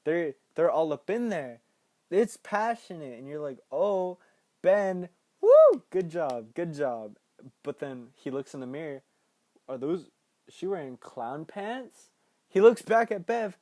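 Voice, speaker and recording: A young man with a warm, mellow voice recaps a movie in a loose, chatty way, laughing easily and jumping into excited impressions of the characters. The sound is dry and close, with no room around it. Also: fairly high pitch, unhurried, dry recording. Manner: playful, laughs often, bursts into excited quoted voices. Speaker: podcast host recapping a film.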